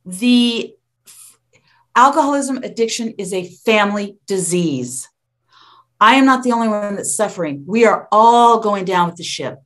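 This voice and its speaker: A woman in her fifties speaks candidly as an interview guest. Her voice sits in a middle pitch range. She laughs easily and sometimes trips over her words as she restarts a thought. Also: expressive, a little slow, a bit bright. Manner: open and frank, laughs often, with some stumbling restarts.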